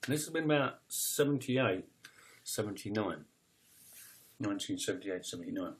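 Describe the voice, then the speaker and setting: Raw, halting man in his fifties. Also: fairly low pitch, lively intonation, slightly rough. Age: 50s. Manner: raw and emotional, with halting restarts and swearing. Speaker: poet telling his life story. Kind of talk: personal spoken confession.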